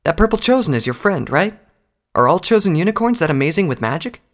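A man voicing a young female pony soldier who eagerly prods and taunts her comrades, pitched high and loud, in an audiobook. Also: big pitch swings, quick pace. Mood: prodding. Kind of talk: audiobook character voice.

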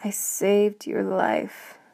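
Storybook male beast, huge and furious, growling slowly in whispered role-play, put on by a woman; dark and gravelly. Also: medium pitch, completely flat delivery. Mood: angry growl. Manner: slow, growling, spitting words.

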